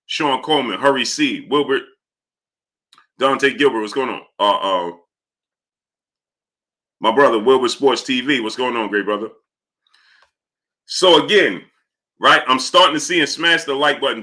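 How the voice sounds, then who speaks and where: A man's voice: mid-range voice, moderate pace, pauses often, bright, forceful tone. A man hosting a casual live stream, talking through his point while he greets viewers by name from the chat.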